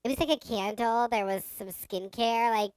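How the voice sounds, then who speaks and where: A woman's voice: a little high, normal speed, a little mellow, smooth, no room sound, rough recording. A young woman co-hosting a podcast in casual chat, trying to tell a story, laughing often and getting exasperated at interruptions. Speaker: podcast co-host.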